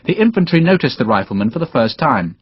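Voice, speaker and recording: Male narrator, dramatic reading, expressive pitch, muffled dry lo-fi recording. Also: quick pace, husky, no room sound. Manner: dramatic storytelling, voices all characters. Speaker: audiobook narrator. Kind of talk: scripted narration. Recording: dull, dry lo-fi audiobook recording.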